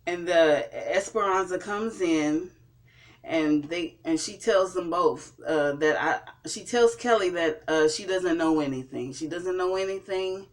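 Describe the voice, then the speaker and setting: A TV show reviewer talks through an episode recap at a very slow, unhurried pace. The telling is halting, full of fillers and restarts. The voice sits at an ordinary middle pitch. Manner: hesitant, with frequent fillers and restarts.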